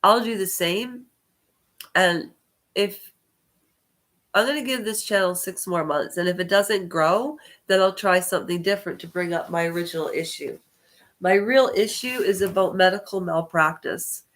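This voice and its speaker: A woman's voice: lowish voice, normal speed, fairly bright tone. A congested woman talking to camera on her own vlog, meandering and hesitant and often correcting herself mid-sentence. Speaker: channel host. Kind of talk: rambling personal vlog talk.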